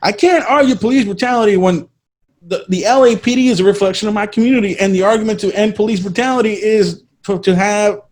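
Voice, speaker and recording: A man's voice: high voice, fast talker, darkish tone. A man co-hosting a casual political talk show, speaking emphatically and repeating phrases as he thinks. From Latino American. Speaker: podcast co-host.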